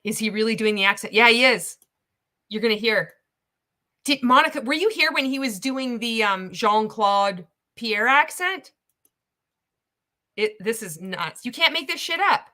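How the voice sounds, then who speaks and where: A woman giving reaction commentary on a video. She is sarcastic and profane and laughs often between remarks. Her voice is bright and a little high. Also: expressive, a little slow. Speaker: commentary host.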